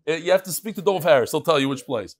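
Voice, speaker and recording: A man with a somewhat high voice leads a daily Talmud class in front of a live group. He jokes and teases with the people in the room between points of the lesson. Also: expressive, fast. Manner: joking, teasing back and forth with a live class.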